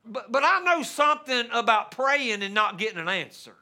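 High, bright-voiced preacher man. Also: animated. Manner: measured preaching that builds to impassioned pleading; repeats words when starting sentences. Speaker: pastor. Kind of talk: sermon.

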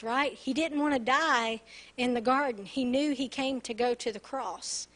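A woman's voice: high-pitched, a little slow, fairly bright tone. A woman pastor preaching an earnest sermon, often turning to the congregation with "right?".

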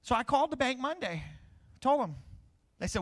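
Man, middle-aged, preacher, high voice, rhetorical questions, sermon. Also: big pitch swings, moderate pace.

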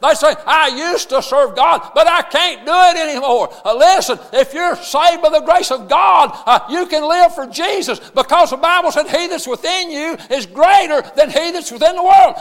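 A man, a pastor, preaching a sermon in a church, shouting his points with many "uh" fillers. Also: extremely high pitch, moderate pace, hardly any pauses. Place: church sanctuary. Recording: long reverb of a church hall.

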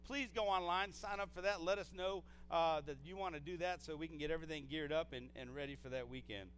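A man's voice: on the high side, fast, a little hiss or hum. Conversational man preaching a sermon. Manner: energetic, conversational preaching with frequent restarts. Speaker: pastor. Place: church sanctuary.

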